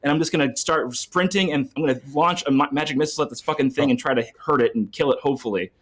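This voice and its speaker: A man's voice: a little high, quick pace, a bit bright. A young man playing a tabletop game, talking earnestly and thinking aloud with restarts. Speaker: player.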